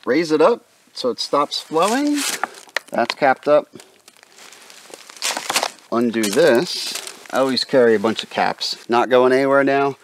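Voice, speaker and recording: Relaxed man chatting at a forest campsite. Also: mid-range voice, a little slow, long pauses, noisy background. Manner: relaxed, chatty, talks to his dog. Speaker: backpacking vlogger. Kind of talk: casual outdoor gear demo.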